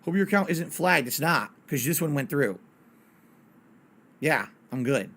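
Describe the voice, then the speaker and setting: A man's voice: fairly high pitch, expressive, unhurried, a bit bright. A man streaming games live, chatting casually and ranting bluntly with plenty of swearing. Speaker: game streamer.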